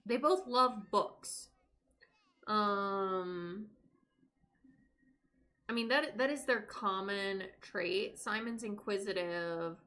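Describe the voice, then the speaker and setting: A woman's voice: mid-range voice, fairly bright tone. A young woman streaming a life-sim game, chatting casually to her characters and to her viewers. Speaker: live streamer. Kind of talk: casual gameplay commentary.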